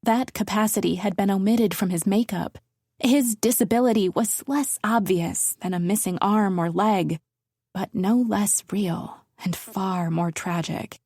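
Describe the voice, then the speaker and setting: A woman narrating a thriller audiobook in the first person, measured and intimate, sometimes dropping to a whisper. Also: medium pitch, warm tone, no echo, studio quality.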